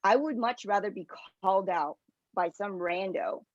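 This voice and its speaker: A woman's voice: medium pitch, moderate pace, no echo, muffled recording. A woman doing stand-up comedy over a video call, talking in a chatty, rambling way with lots of fillers. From Connecticut, US.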